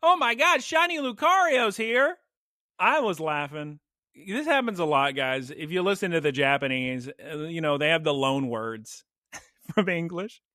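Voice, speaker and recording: A young man with a high, bright voice that swoops up and down as he recaps an anime episode on a podcast. He talks in excitable play-by-play and calls out attack names. The sound is close and dry. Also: moderate pace, dry recording. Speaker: podcast co-host. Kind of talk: casual anime recap chat.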